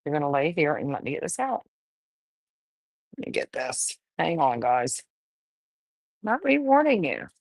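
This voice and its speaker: A woman's voice: low-pitched, moderate pace, pauses often, no room sound. A woman breeding dogs, casually livestreaming while she firmly coaxes a wriggling puppy, talking in a folksy way. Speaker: dog breeder.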